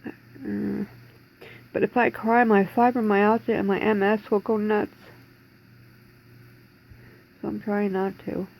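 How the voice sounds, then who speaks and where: A woman's voice: medium pitch, flat delivery, moderate pace, lo-fi sound. A woman in her forties talking in a rambling, distressed way in a personal video diary from home, holding back tears. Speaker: vlogger.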